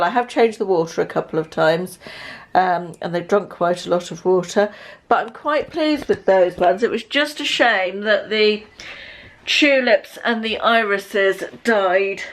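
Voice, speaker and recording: A woman, vlogging casually at home in a chatty, rambling way and correcting herself as she goes. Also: medium pitch. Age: 50s. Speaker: lifestyle vlogger. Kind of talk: casual vlog chat to camera. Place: at home, indoors.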